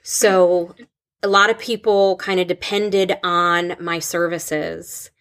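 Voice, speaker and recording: A woman in her thirties talks through her experience on her own podcast, her delivery slow and unhurried. She halts and restarts often as she searches for words, in a voice that sits a little low. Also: flat delivery, fairly bright tone. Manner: halting, with many restarts and fillers. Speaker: podcast host and school counselor. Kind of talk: casual podcast conversation.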